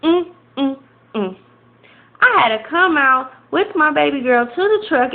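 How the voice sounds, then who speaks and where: A middle-aged woman talks slowly and teasingly, with a gravelly fry in her voice. The sound is thin and tinny, like a phone line. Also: high voice, lively intonation. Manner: slow, teasing, fond. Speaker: girlfriend's mother.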